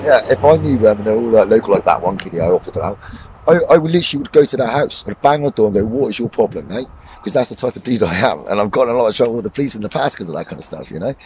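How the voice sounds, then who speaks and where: Man, vlogger and coach, quick-fire sweary rant by a lake, faint ambience. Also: fairly low pitch, expressive, noisy background. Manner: blunt, swearing, heated with laughs. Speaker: fishing vlogger and boxing coach. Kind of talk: ranting vlog monologue. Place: outdoors by a lake.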